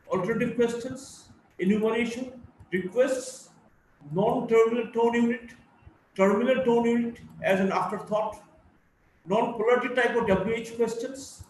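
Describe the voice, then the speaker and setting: A male college lecturer from India with a Bengali-influenced Indian English accent, giving a recorded lecture and reading out terms and examples one after another. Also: high-pitched. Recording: echoey room, from a distance, faint background noise.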